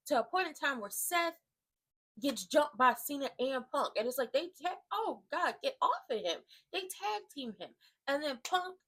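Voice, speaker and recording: Woman vlogger with a highish voice, delivering an emphatic, slang-heavy rant recap. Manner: animated, slangy and emphatic, with asides to viewers. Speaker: wrestling commentary vlogger. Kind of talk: casual ranting recap.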